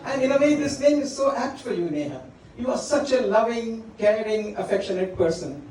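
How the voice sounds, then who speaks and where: Dad giving a wedding speech, fairly high voice, heard from far off in a big echoey hall with guests laughing. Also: male voice, animated, slight background noise. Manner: warm storytelling, pausing to address his daughter by name. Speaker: father of the bride. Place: large function hall.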